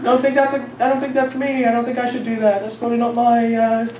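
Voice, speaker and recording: A man puts on a nervous, self-doubting prophet, noticeably higher than his normal speaking voice. The figure hedges and stumbles over his words. It sounds distant in a reverberant room with background noise. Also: monotone, quick pace, darkish tone. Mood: reluctant. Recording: echoey room from far off, noisy.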